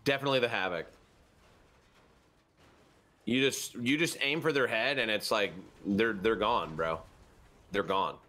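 A man playing a game with friends, loud and jokey in his banter. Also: fairly low pitch, a little slow, long pauses. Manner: excitable, loud, jokey trash talk. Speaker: gaming friend. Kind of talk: casual gaming chat. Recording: noisy game stream.

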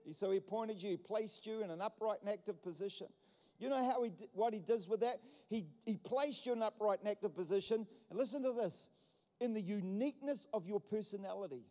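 A pastor's high-pitched, warm voice moves fairly quickly as he preaches emphatically in a church hall, where the reverb lingers long. He repeats himself and stacks up points through plays on words.

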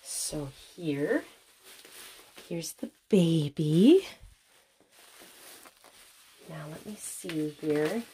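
A woman with a Midwestern accent, filming an unboxing vlog at home on a camera on a tripod, gushing and gasping with excitement. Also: low voice, extremely slow, long pauses, slightly rough. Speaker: vlogger.

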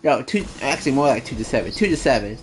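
A man's voice: mid-range voice, expressive, fast talker. A man streaming a shooter game, chatting casually and rambling a little, with fillers and self-corrections. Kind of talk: casual chat while gaming.

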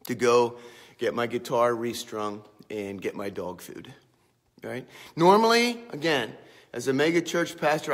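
An expressive, unhurried mid-range voice belongs to a pastor from small-town Pennsylvania, USA. In this casual walk-and-talk vlog he speaks into a handheld camera, starting on the church grounds outdoors and finishing inside a sanctuary. He keeps things light with jokes and self-mockery.

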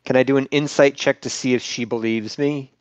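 A man's voice: mid-range voice, fairly even intonation, fairly quick, no room sound, muffled recording. A man playing a character in a tabletop game, friendly and earnest, laying out long explanations. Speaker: player.

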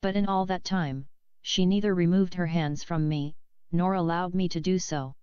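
A woman reading a novel aloud in a measured, steady way, close to the mic, on a slightly dull lo-fi recording. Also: fairly low pitch, clean tone, no room sound. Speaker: audiobook reader.

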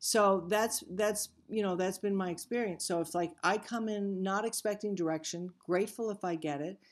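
A woman's voice: medium pitch, normal speed. An older woman, a guest actress, chatting candidly and emphatically in an interview. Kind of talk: casual interview chat.

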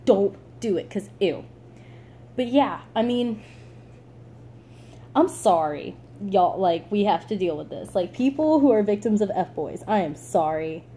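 Chatty teenage girl with a mellow voice. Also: mid-range voice, a little slow, a little hiss or hum. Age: late teens. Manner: chatty, animated, lots of "like", laughs. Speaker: vlogger. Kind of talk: casual storytelling to camera.

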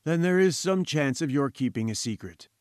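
A haughty scientist , put on by a male audiobook reader, holds forth with grand, patronizing certainty. The voice sits a touch high and the sound is dry and close, as if spoken right into the mic. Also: expressive, moderate pace, dry recording, lightly acted. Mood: pompous, lecturing. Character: pompous, condescending male professor-scientist. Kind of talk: audiobook character voice.

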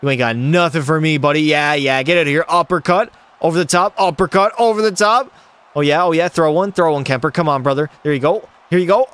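Streamer type, young guy, slightly high smooth voice, excitable play-by-play, jokey with chat. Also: moderate pace, dry recording. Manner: hyped play-by-play, jokey, answers chat questions. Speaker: gaming streamer. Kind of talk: live gameplay commentary with chat.

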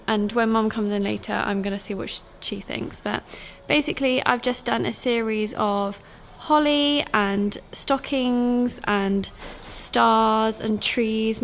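This is a casual vlog in which a young sewing school owner and teacher chats to camera about her week. Her fairly high voice is creaky, her talk is chatty with many fillers, and slight background noise can be heard.

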